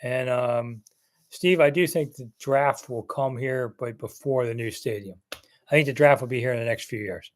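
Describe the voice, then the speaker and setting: A man's voice: medium pitch, moderate pace. A man in his sixties hosting a sports live chat, answering viewers in a rambling, chatty way with jokey asides. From Maryland area. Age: 60s. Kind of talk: casual live-stream chat.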